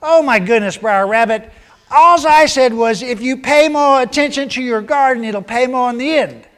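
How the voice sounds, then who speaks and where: A man's voice: very high-pitched, moderate pace, fairly bright tone, smooth, voice pushed up. A man voicing a hard-working male squirrel who is impatient and wants to be left alone. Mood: exasperated. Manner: brushing off, impatient.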